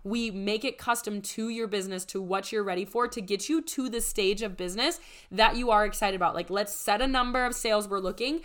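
A young woman business coach giving an enthusiastic, persuasive sales pitch, her voice strained and close to giving out. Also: a little fast, a bit bright. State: strained, nearly losing her voice. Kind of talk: promotional podcast monologue.

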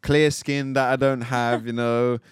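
A man's voice: mid-range voice, a little slow, clean tone, dry recording, studio quality. A man, co-hosting a casual podcast and ranting in mock outrage. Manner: animated, joking rants with mock outrage. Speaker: podcast co-host.

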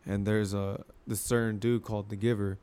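A man's voice: lowish voice, level tone, moderate pace, mellow, smooth. A young man chatting casually, swearing freely and acting out scenes with quoted voices as he retells a story. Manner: loose and profane, acts out scenes in quoted voices. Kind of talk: casual chat.

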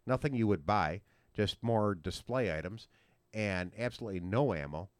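A man's voice: lowish voice, animated, moderate pace, no echo. A man hosting a casual podcast chat, rambling through stories with many restarts. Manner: rambling, with frequent restarts and fillers. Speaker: podcast host.

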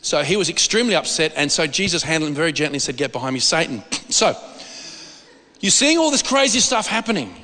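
A pastor preaches a sermon in a high, bright, forceful voice with a sing-song lilt and a slightly fast pace. He rambles and slips into the voices of the people he quotes, while a large hall's long reverb trails each phrase.

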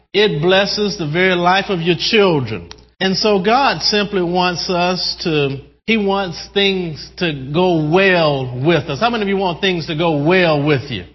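A male preacher delivering an animated sermon, often repeating words as he addresses the congregation. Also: sits high. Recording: dull sound with long hall reverb.

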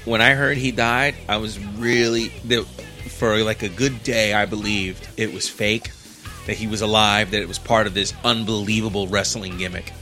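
Male co-host, gravelly and sharp, profane joker. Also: on the low side, steady tone, moderate pace, faint music behind. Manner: profane, laughing banter. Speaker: podcast co-host. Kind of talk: casual chat.

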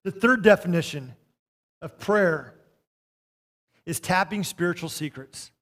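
A man preaching a sermon as pastor, reading scripture and telling a story, swinging between soft passages and loud ones. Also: high voice, expressive, unhurried.

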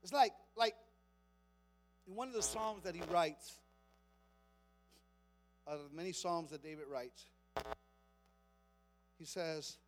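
A man preaching as a pastor, moving between quiet conversational talk and shouted, dramatic preaching, acting out quoted lines. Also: fairly high pitch, slow, pauses often, soft background music. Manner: acts out quoted psalm lines with dramatic emphasis. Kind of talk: sermon.

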